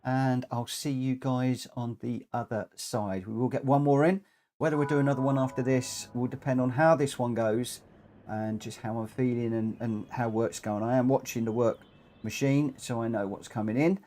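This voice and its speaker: A man's voice: medium pitch, fairly even intonation, normal speed, dark tone, slight background noise. A man chatting through a live racing game stream, rambling with frequent ums, a bit short of breath and coughing now and then. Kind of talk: live gameplay commentary.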